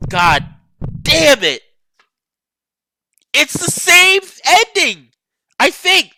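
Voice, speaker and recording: A woman hosting a let's play, reacting to the game with excitable, exasperated outbursts. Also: high voice, very slow, long pauses, no echo. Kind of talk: game commentary.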